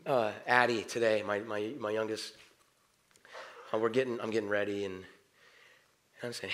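A middle-aged man preaching a sermon in a church. His talk is conversational, and he swings between quiet prayer and animated outbursts. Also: on the low side, moderate pace, long pauses. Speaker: pastor. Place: church sanctuary.

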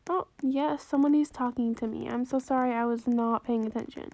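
A woman's voice: fairly high pitch, steady tone, brisk, few pauses, heavy background noise. A young woman chatting casually as she commentates her own gameplay, bubbly and pleading by turns, joking at herself. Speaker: gaming vlogger.

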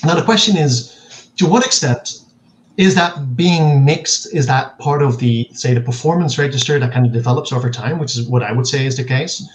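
A man speaking as a linguist guest in an interview, explaining in a measured way and acting out quoted examples. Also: mid-range voice, a little hiss or hum, poor audio.

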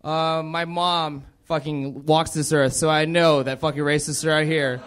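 Young guy doing stand-up, high voice, swears a lot, cracks himself up. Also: animated, moderate pace, hardly any pauses, a bit bright. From Southern United States. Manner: profane, rambling, laughs at own jokes. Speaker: stand-up comedian. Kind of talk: stand-up set.

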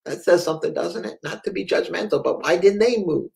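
A man preaches with fervor in a somewhat high voice. He tells a story in his sermon, now hushed, now raised with feeling, and breaks off to answer the people following along. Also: lively intonation, a little fast, vocal fry. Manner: impassioned storytelling, swings between hushed and raised; reads viewer comments aloud live.

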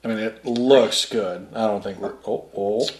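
A man hosting a casual snack taste test, chatty and relaxed, often laughing between bites. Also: lowish voice, moderate pace. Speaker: snack reviewer host. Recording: echoey room.

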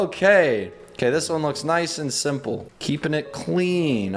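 A young man hosting a gaming video, giving excitable running commentary and yelping and laughing as he plays. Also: on the high side, measured pace. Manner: excitable, yelps and laughs while playing.

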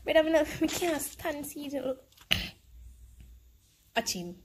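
Jamaican woman, game streamer, high voice, excitable play-by-play teasing a rival, faint key clicks. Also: takes it slowly, noisy background. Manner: excitable, teasing and complaining at an opponent. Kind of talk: live gaming commentary.

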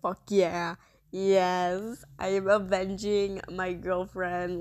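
A woman's voice: level tone, slow pace, darkish tone. A young woman playing a murder mystery game, reacting dramatically with swearing, gasps and talking to herself. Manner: dramatic, swears and talks to herself, sudden high shrieks and gasps. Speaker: player.

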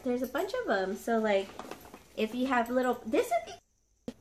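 A woman's voice: on the high side, very animated, normal speed, darkish tone, a little hiss or hum. Gushing woman unboxing for her dogs. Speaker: dog channel vlogger. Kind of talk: casual unboxing chat.

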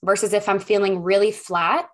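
A woman hosting her own podcast from home, talking alone to listeners in an upbeat, expressive way. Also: medium pitch, moderate pace. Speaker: podcast host. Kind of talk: solo podcast talk.

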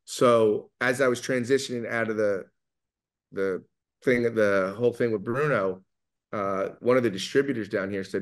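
A middle-aged man with a New York accent, talking fast and loud as he tells animated stories in an interview. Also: fairly low pitch. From New York area. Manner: fast, loud, animated storyteller who acts out quotes. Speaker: guest, pizza maker. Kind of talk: storytelling in an interview.

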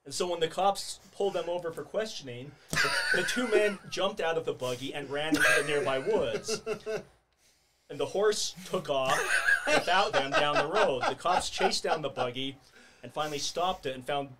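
A man recaps an odd news item for his podcast co-hosts, chuckling through it in a somewhat raised voice. The recording carries a clear layer of background noise. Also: fairly high pitch, sing-song, normal speed. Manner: laughs often while telling stories. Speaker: podcast co-host. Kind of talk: casual chat, reading out a news story.

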